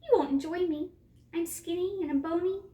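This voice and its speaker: Woman voicing a small frightened storybook billy goat, high and pleading. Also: a little fast, mellow, recorded from a distance. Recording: echoey room, off mic.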